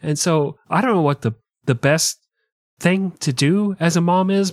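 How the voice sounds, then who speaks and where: A man's voice: a little high, a little slow, no echo, studio quality. A man co-hosting a comedy podcast, jokey and crude in casual banter. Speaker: podcast co-host.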